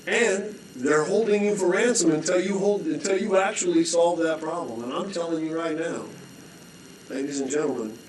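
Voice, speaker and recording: Animated middle-aged man telling a parable. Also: on the high side, normal speed, over a noisy crowd. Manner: animated, restarts a lot, clears throat often. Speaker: rescue mission director, guest. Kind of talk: storytelling, conversational preaching. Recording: echoey room.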